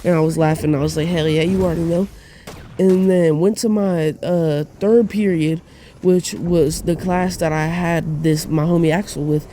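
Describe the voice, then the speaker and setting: Young guy, kinda high mellow voice, rambling story, swearing a lot, lots of "like". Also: fairly even intonation, moderate pace, slight background noise. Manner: slangy, profane, rambling with many fillers. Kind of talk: casual storytelling monologue.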